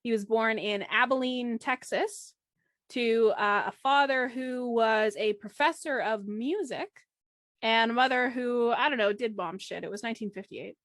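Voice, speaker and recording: A woman's voice: fairly high pitch, a little slow, fairly bright tone, dry recording, clean studio sound. A woman hosting a casual banter podcast, wry and casually swearing. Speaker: podcast host.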